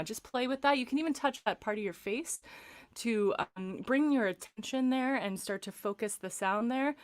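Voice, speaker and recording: A young adult woman vocal coach leading a live-streamed vocal warm-up from a paneled room at home, chatty and encouraging between exercises. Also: on the high side, moderate pace, no room sound. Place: room with acoustic paneling, windows closed.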